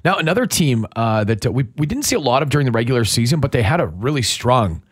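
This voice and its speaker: A man's voice: medium pitch, fast talker, no echo, studio quality. Picture a man hosting a casual chat. He talks in a middle register and tells a story with energy, slipping into a stern dad voice now and then. He sounds like he is in his thirties or forties. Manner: animated storyteller, acts out his own dad voice. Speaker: radio co-host.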